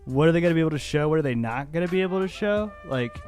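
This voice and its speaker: A man's voice: fairly high pitch, animated, very fast, darkish tone, faint music behind. A man co-hosting a movie review podcast, talking casually and enthusiastically with lots of filler words. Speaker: podcast co-host.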